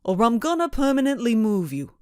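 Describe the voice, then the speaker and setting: A woman voicing a burly, squat male thug with a New England accent, talking rough and threatening. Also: a little high, sing-song, a little fast, no room sound, clean studio sound, voice pushed up.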